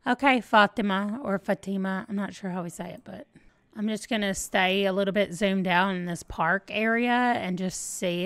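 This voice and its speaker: A woman's voice: fairly high pitch, fairly bright tone, clear, resonant tone, no room sound. A woman hosting a let's play, chatting casually and thinking aloud as she plays. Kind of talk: casual gameplay commentary.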